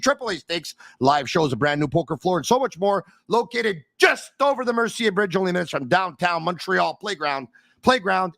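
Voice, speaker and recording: High-pitched energetic sports podcast host. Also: male voice, gravelly, no echo. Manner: energetic, joking, emphatic. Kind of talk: casual sports talk with read ads.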